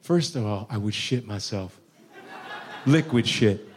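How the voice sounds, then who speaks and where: A man doing a profane stand-up comedy routine, animated, often bursting into shouts. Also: on the low side, unhurried, noisy background.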